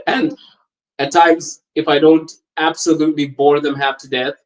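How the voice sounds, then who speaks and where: A man hosting a podcast, chatting casually and telling lively anecdotes, laughing often as he talks. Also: on the high side, rough recording. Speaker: podcast host. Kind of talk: casual storytelling chat.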